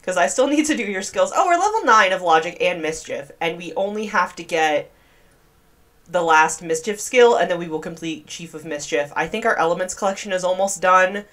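A woman's voice: on the low side, animated, a little fast, fairly bright tone. A young woman giving casual gameplay commentary, chatty, gasping and squealing in disgust. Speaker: gaming video creator.

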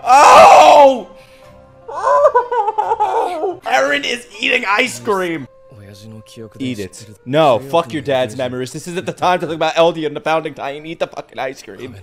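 A young man commenting on an anime episode as he watches it, often shouting, laughing and swearing. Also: high-pitched, measured pace, soft background music. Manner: loud excited outbursts and laughter, swearing. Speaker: anime reaction YouTuber. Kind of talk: excited reaction commentary.

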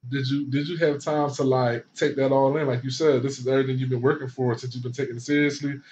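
A man hosting a casual interview, asking questions in a relaxed, conversational way. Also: medium pitch, fast. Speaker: podcast host. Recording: dull sound with faint noise.

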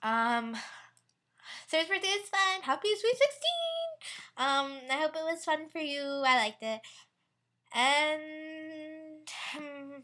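A woman's voice: sits high, sing-song, slow pace, long pauses, bright, forceful tone. A teenage girl vlogging in a casual, rambling way, bubbly and giggly, with lots of "like" and fillers. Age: teen. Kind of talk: casual rambling vlog chat.

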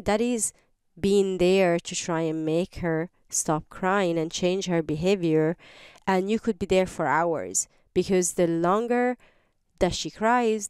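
A woman's voice: on the low side, a little mellow, clean tone, no room sound, clean studio sound. A woman hosting an advice podcast, explaining earnestly and step by step with examples. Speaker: podcast host. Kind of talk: advice talk.

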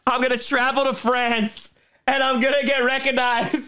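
A man's voice: extremely high pitch, level tone, moderate pace, sharp tone, slight background noise. A man streaming his reaction to a football game, caught in a laughing fit and giggling through his words. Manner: giggly, keeps breaking into laughter. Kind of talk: casual live-stream reaction.

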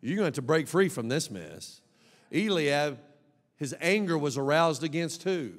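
A man preaching an emphatic, animated sermon as a pastor, with bursts of shouting. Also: fairly high pitch, normal speed. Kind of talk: lively sermon. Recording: long reverb of a large hall.

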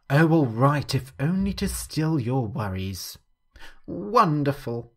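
A man narrating a scripted story clearly and steadily for language learners. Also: medium pitch, a little mellow.

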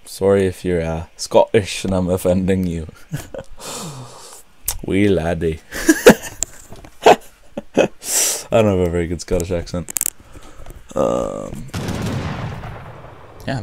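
A man's voice: low-pitched, lively intonation, measured pace, pauses often, a little mellow, slight background noise. A young man doing casual let's-play commentary, chatty and self-deprecating, laughing often. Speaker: gaming host.

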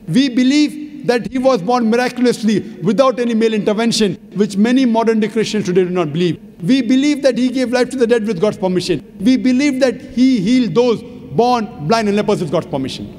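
A man's voice: extremely high pitch, a little fast, a little mellow. A man giving a public religious lecture to an audience, speaking emphatically and methodically citing chapter and verse. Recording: long hall reverb, faint background noise.

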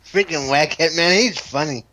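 Man, podcast co-host, laid-back, bright voice, casual swearing. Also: a little high, normal speed. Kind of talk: casual chat.

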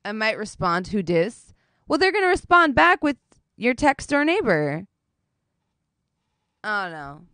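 A woman talks to her stream in a loose, casual way, swearing freely as she tells a story. Her pitch jumps around a lot. The sound is dry and close. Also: measured pace, long pauses, no echo. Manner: animated, swearing storyteller, reads chat.

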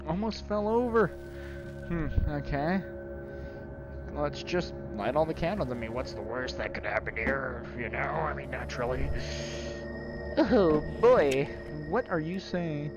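A man's voice: a little high, animated, a little slow, music in the background. Joking man playing a horror game. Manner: joking, rambling, self-mocking asides. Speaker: gaming video host. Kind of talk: let's play commentary.

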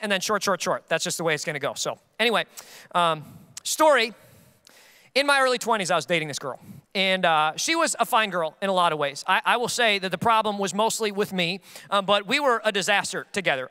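A man's voice: high voice, pushed and bright, smooth, big-room sound. A man preaching a casual, joking sermon as a pastor, poking fun at himself. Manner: casual, joking, self-deprecating.

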